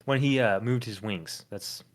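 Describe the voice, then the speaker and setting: A man's voice: fairly low pitch, unhurried. Laughing man reading listener comments. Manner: laughs often, reads comments aloud. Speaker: podcast co-host.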